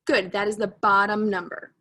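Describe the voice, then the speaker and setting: A woman teaches a recorded music lesson in a medium-pitched, bright, forceful voice with a level tone and moderate pace. She is patient and repeats key points, and when she slips up she corrects herself with a laugh at her own expense.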